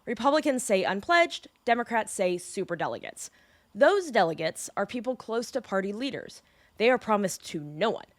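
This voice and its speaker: A woman's voice: mid-range voice, moderate pace, dry recording. A young woman from California hosting a daily news podcast, explaining the news in a chatty, joking way. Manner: chatty and joking, lively asides.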